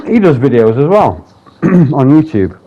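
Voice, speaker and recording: A man's voice: a little high, sing-song, slow, slightly rough. A man talking candidly in a personal vlog, rambling, swearing often and restarting his sentences. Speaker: vlogger. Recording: dull lo-fi sound.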